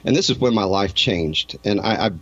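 Earnest low-voiced man telling his story. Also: lively intonation, moderate pace, fairly bright tone, no echo, muffled recording. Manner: emotional, earnest, rambling with many restarts. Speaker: interview guest. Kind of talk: candid personal storytelling in an interview.

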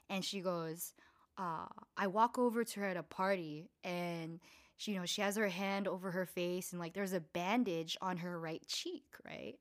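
A young woman hosting a casual storytelling podcast, chatty and profane, full of fillers, acting out the people she quotes with swings in pitch and loudness. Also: a little slow. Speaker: podcast host.

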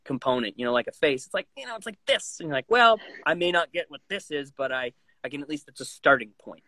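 A man's voice: on the high side, fast talker, dry recording. A man who works as a voice actor, chatting casually in an interview and slipping into voices and impressions as he talks. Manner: animated, jumps into voices and impressions mid-sentence. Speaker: voice actor guest.

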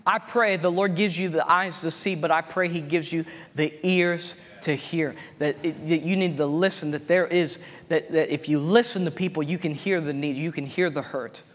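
Fervent preacher man, slightly high voice. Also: steady tone, normal speed, few pauses, fairly bright tone. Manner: fervent, repetitive, punctuated with amens and hallelujahs. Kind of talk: sermon. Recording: long hall reverb.

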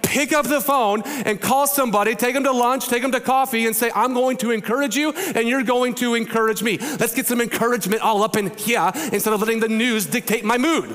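A man's voice: very high voice, brisk, hardly any pauses, fairly bright tone, big-room sound. A male pastor preaching a casual, conversational sermon, telling stories and acting out quoted voices. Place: church sanctuary.

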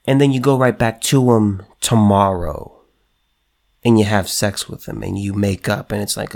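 A man's voice: on the low side, steady tone, normal speed, vocal fry, darkish tone. Emphatic man on a solo commentary show. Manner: emphatic and repetitive, restarts often, reads news aloud.

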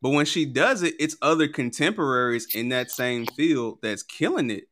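A man co-hosting a casual music talk show, animated, slangy and quick to laugh. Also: mid-range voice, slight background noise.

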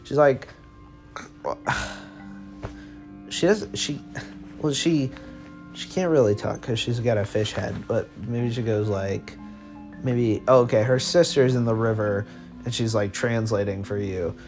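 A man's voice: medium pitch, measured pace, over music. A man hosting a podcast and telling a comedic story in second person, rambling, cursing and cutting himself off. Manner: rambling, profane, self-interrupting. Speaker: podcast host.

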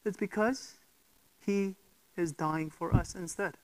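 A preacher delivers a sermon in a voice of middling pitch. The delivery is emphatic and built around rhetorical questions, with frequent check-ins with the listeners. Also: slow, rough recording.

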